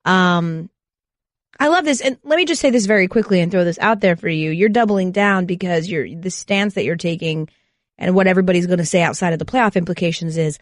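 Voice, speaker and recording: A young woman co-hosting a sports radio show, talking in an animated, teasing way. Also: lowish voice, brisk, no echo, clean studio sound. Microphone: studio mic.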